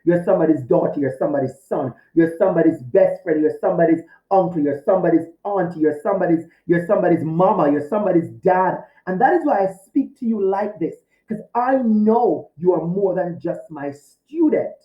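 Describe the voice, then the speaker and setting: A man's voice: high voice, animated, a little fast, hardly any pauses, echoey room, muffled recording. A male teacher speaking to his students in a recorded video lecture, heartfelt and direct, often repeating his key phrases. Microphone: recorded to camera for a video course.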